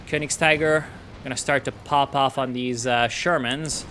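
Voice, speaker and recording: A man casting a strategy game in casual, excitable commentary, swearing and ranting at the players. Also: mid-range voice, normal speed, slight background noise. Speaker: game caster.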